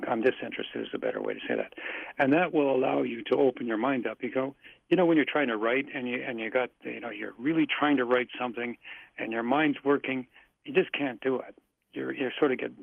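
Gravelly man coaching over a phone line. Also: mid-range voice, no room sound. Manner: calm, instructive, repeats himself, self-assured. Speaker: psychic guest. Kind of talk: casual radio talk, coaching listeners. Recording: dry, tinny phone line.

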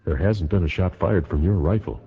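A man voicing a kindly, gruff older male Marine sergeant, speaking low, slow and gentle. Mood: gentle, grave. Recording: dull lo-fi recording.

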